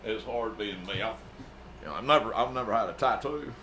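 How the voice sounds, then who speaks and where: A man's voice: on the low side, brisk, lightly acted. A man playing a brash, profane music manager, rambling and boasting in an improvised comedy bit. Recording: echoey room.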